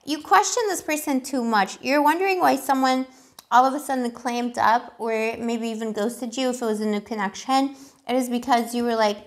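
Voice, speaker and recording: A woman's voice: a little high, moderate pace. A woman giving a casual tarot reading, chatty and giggly, with lots of fillers. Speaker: tarot reader.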